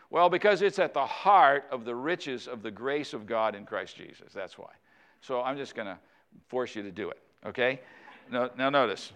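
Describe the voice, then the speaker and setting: Preaching man with a smooth voice. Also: medium pitch, normal speed, fairly bright tone. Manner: conversational preaching, asks rhetorical questions. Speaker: pastor. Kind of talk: sermon.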